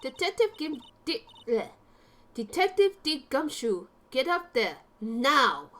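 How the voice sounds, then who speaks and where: A woman voicing an arrogant young female prosecutor who talks in a shrill, commanding, scornful way. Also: very animated, unhurried, fairly bright tone, heavily acted.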